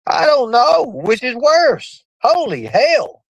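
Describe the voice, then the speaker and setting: A man streaming live, rambling and swearing. His pitch swings widely, leaping up suddenly before dropping back. The voice sounds dry and close, with no room echo. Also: big pitch swings, slow pace, dull audio. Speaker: livestream host. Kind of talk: profane rambling livestream chat.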